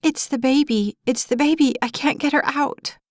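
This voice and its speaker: A woman's voice: high voice, steady tone, unhurried, no room sound, voice pushed up. A woman reading a frightened young mother of about twenty who is close to hysteria, pleading in a rising voice, in an audiobook. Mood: panicked.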